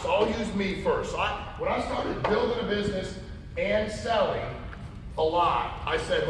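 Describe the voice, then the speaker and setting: A man's voice: high-pitched, slight background noise. A man speaking at a conference, telling stories and acting out the voices of people in them. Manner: animated storyteller, acts out quotes. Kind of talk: storytelling keynote talk. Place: large conference hall. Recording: echoey hall from far off.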